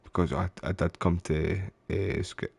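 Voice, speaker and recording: A man's voice: sits low, fairly even intonation, normal speed, vocal fry, darkish tone, husky, no room sound. A Scottish man streaming a game live, chatting away and getting frustrated, calling his viewers mate and bro. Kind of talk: live gameplay commentary.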